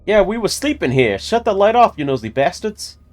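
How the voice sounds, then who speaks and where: Man voicing a shouting, gruff mobster bat. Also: high voice, big pitch swings, brisk, pitched above the performer's own voice. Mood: irritated. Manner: rude, shouting, threatening.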